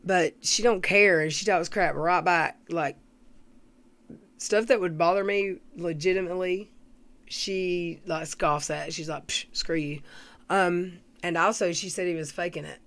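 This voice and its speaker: A woman hosting a casual livestream, rambling through commentary and greeting viewers from the chat, with frequent throat clearing. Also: on the low side, steady tone, measured pace, a bit bright. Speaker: livestream host.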